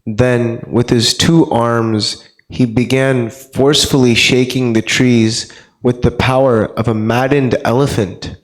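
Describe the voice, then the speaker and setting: Slow, deliberate man reading scripture. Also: mid-range voice, steady tone, poor audio. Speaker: reader of scripture translation.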